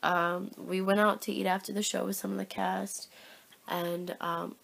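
A woman's voice: mid-range voice, a little slow, gravelly. A young woman talking casually in a daily vlog, chatty and apologetic, often tired. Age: young adult. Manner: gushing excitement around animals. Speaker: vlogger.

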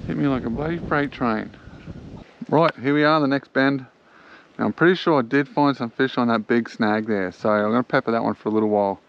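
An Australian man giving excitable, chatty commentary while fishing from a small boat on a creek, talking to the fish he catches. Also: mid-range voice, brisk, lo-fi sound, a little hiss or hum. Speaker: angler filming his own fishing trip. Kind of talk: casual fishing vlog commentary.

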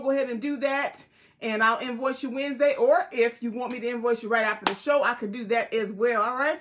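Her voice is high, pushed and bright as she sells jewelry live via a tablet. The chat is casual and homey, with viewers greeted by name.

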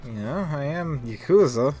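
A man's voice: medium pitch, expressive, normal speed, warm tone, soft background music. A man giving casual, joking commentary while playing a video game, rambling and mocking himself. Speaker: let's play host.

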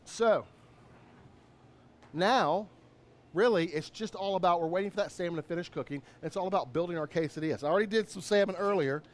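A man's voice: sits high, a little fast. A man, a chef doing a live cooking demo in an upbeat, chatty way. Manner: upbeat, chatty, lots of shout-outs.

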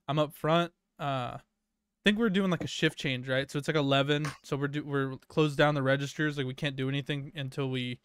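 A man's voice: a little high, a bit bright, smooth, no echo. Young man rambling through a story. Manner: rambling anecdote with many fillers and profanity. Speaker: podcast co-host. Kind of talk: casual storytelling chat.

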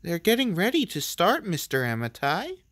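A player doing a loud tournament announcer. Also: medium pitch, huge pitch swings, normal speed, very noisy, voice pushed up. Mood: announcing.

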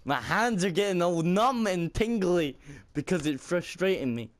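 Pitched high and animated, this young man talks at normal speed while commenting on a game for his let's-play YouTube channel. He's frustrated, swearing and laughing at himself, recording on a mic at his computer in his room at home, window open.

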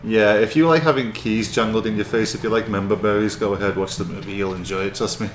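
A man's voice: lowish voice, fairly even intonation, fast, reverberant, faint music behind. A man chatting as a podcast guest, dry and sarcastic. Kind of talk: casual podcast chat.

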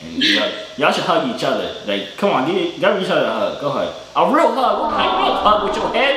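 A man's voice: on the high side, wildly swooping pitch, a little fast, few pauses, bright, forceful tone. A young man hosting a casual video chat vlog, teasing and joking with strangers in a playful way. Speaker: vlog host. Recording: echoey room, faint noise.

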